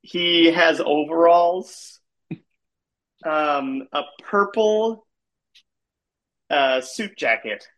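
A man telling a rambling comic story in a halting way, full of "like" and restarts, as he describes absurd scenes. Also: on the high side, fairly bright tone.

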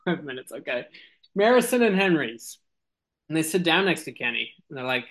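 A man's voice: mid-range voice, moderate pace, gravelly, sharp tone. A man improvising a silly comic story, rambling and giggling, with lots of ums and restarts. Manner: rambling, giggly, many fillers.

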